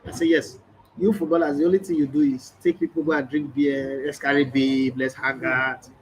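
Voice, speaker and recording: A middle-aged man with a Nigerian accent talks straight to camera in a casual vlog, pressing his points hard and playing out both sides of remembered conversations. His voice sits a little high for a man, with a faint ambient hum underneath. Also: flat delivery, moderate pace, low-quality recording. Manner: emphatic, storytelling, acts out quoted exchanges. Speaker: sports journalist and channel host. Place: hotel room or indoor space, background ambience.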